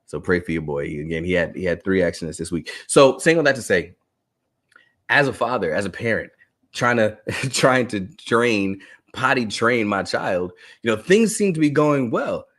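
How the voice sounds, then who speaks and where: A man in his thirties, an educator giving a live online talk to teachers, telling animated stories and laughing often. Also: fairly low pitch, moderate pace. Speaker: educator and speaker.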